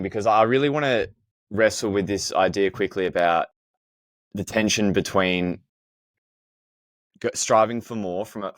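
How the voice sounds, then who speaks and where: A man's voice: lowish voice, no room sound. A man hosting a podcast interview, asking thoughtful, searching questions and often restarting his sentences. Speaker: podcast host.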